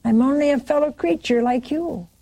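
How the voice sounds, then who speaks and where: A woman preaching, retelling a saint's vision with quoted dialogue and halting restarts. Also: high voice, mellow. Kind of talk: sermon storytelling.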